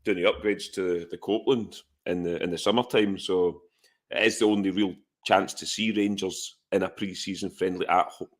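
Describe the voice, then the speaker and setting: Deep-voiced Scottish man chatting football. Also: fairly even intonation, normal speed. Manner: rambling, lots of "aye" and "um" fillers. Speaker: podcast co-host. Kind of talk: casual football chat.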